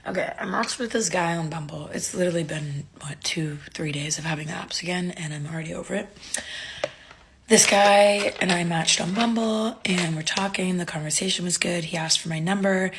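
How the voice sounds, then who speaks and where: Gravelly low-voiced young woman telling a dating story. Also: a little fast, background noise. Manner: wry, exasperated, quoting texts aloud. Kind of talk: casual storytelling to camera.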